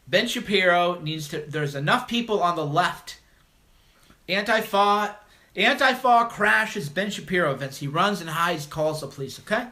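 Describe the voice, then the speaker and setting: A man's voice: sits high, animated, normal speed, bright, forceful tone. A man hosting a call-in livestream, talking bluntly and mocking his critics in a combative monologue. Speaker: livestream host.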